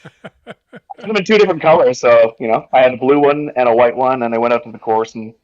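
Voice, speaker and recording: A man in his forties from Nova Scotia, a podcast guest telling his story in an easygoing, halting way with many restarts. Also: medium pitch, a little mellow, dry recording, muffled recording. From Nova Scotia, Canada. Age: 40s. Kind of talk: casual interview.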